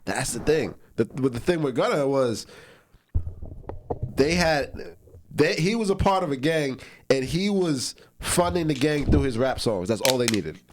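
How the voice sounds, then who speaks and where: A man co-hosting a podcast in casual chat, often restarting his sentences and sinking low and quiet as he thinks. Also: animated, measured pace, a little hiss or hum. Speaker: podcast co-host.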